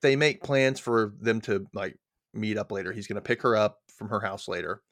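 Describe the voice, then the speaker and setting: A man's voice: on the low side, moderate pace, fairly bright tone, no echo. A man co-hosting a podcast, casually recapping a story and acting out its quoted lines. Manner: chatty, retells scenes with quoted lines. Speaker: podcast co-host.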